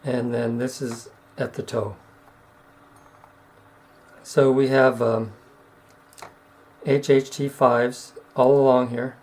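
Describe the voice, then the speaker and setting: A middle-aged man giving casual step-by-step how-to narration while demonstrating razor honing, unhurried and plain-spoken. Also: mid-range voice, level tone, a little mellow, low-quality recording. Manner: unhurried, explains step by step with fillers.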